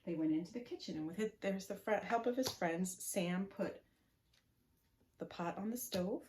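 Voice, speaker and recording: A woman reading a picture story aloud to preschoolers at a library, in a sing-song, animated way that invites the children to join in. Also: medium pitch, moderate pace, echoey room, slight background noise. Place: library room.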